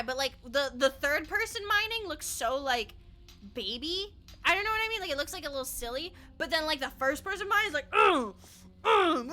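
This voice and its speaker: In a high-sitting voice with a sharp tone, a young woman chats casually during a game live stream. She's bubbly, laughs a lot, and swears in passing.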